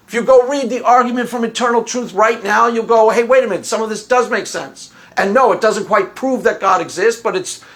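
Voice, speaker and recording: A man's voice: high-pitched, a bit bright. A man hosting his own channel, giving blunt, mocking, emphatic solo commentary and repeating phrases for effect. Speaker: channel host.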